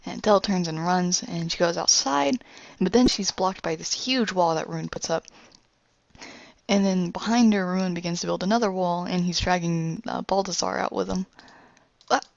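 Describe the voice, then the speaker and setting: A woman casually retelling a scene from her animation pitch, with loose storytelling full of fillers. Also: moderate pace, gravelly, no room sound. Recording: dull lo-fi recording.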